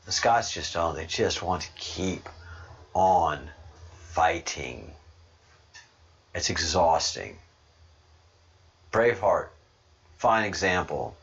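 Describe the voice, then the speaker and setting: A man from Ireland hosting a podcast, talking casually in an animated, rambling way and laughing often. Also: low voice, slow, creaky, long pauses, breathy edge. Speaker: podcast host. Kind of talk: casual monologue. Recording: dull lo-fi recording.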